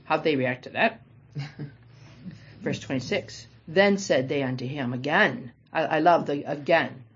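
A woman leading a small-group Bible study, reading scripture aloud and commenting with animated, dramatic emphasis. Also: sits low, unhurried, slightly rough. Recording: dull lo-fi recording.

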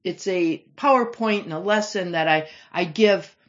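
A woman's voice: fairly low pitch, normal speed. A woman teaching a Bible study lesson, explaining scripture and reading verses aloud with emphasis. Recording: slightly dull lo-fi recording.

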